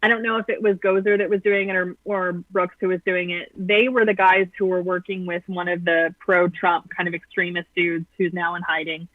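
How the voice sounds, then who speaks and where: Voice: mid-range voice, flat delivery, a little fast, hardly any pauses, no echo. A guest commentator calling in, blunt and sarcastic, with frequent ums. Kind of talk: political commentary over the phone. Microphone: phone call. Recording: tinny phone line, dry.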